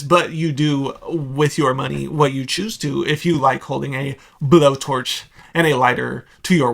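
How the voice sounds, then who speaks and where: A man's voice: fairly high pitch, vocal fry, bright, forceful tone. A young man hosting a card-collecting video, giving blunt, sarcastic market commentary in a casual, opinionated way. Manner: blunt, sarcastic, rapid asides.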